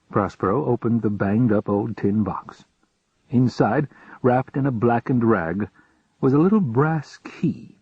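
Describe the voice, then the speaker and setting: Husky male audiobook narrator. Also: medium pitch, dry recording. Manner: calm, measured storytelling. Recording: dull lo-fi home recording.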